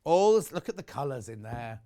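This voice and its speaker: A man's voice: mid-range voice, very animated, fairly quick, mellow. A man presenting on a live shopping channel, chatty and enthusiastic, rambling into personal asides between prices.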